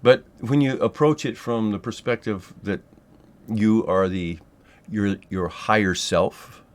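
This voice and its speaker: A man teaching a spiritual technique in a loose, rambling monologue, swearing freely and filling pauses with ums and yeahs. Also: lowish voice. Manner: loose and profane, rambling with many fillers. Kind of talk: casual monologue to camera.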